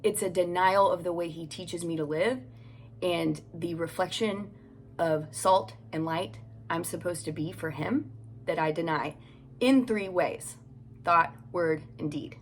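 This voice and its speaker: Woman, devotional host, chatty storyteller, lowish voice, faint hiss behind. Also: unhurried. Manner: chatty, storytelling, reads scripture aloud. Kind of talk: casual devotional Bible teaching. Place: home closet.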